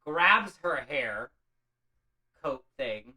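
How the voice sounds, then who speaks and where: A man's voice: a little high, very animated, very slow, bright, forceful tone, poor audio. A man casually retelling a classic story as comedy, rambling, offhand and profane. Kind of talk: loose comic retelling of a classic.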